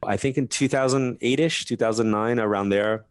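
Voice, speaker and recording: A man telling stories as a guest on a radio interview, laughing through them and dropping in quick asides. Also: mid-range voice, clean tone, dry recording. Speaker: guest medium. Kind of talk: animated storytelling interview.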